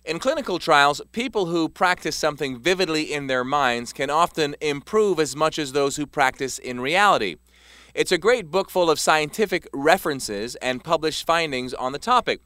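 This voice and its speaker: A man reading a self-help text aloud as scripted narration, measured and emphatic. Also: on the high side, lively intonation, bright, forceful tone, no room sound. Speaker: author narrating his self-help book.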